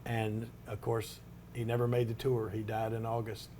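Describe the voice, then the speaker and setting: A man's voice: fairly low pitch, completely flat delivery, moderate pace, mellow, slight background noise. An older man, telling a long anecdote in an interview with many restarts and asides. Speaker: interview subject, retired wrestler. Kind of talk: storytelling in an interview.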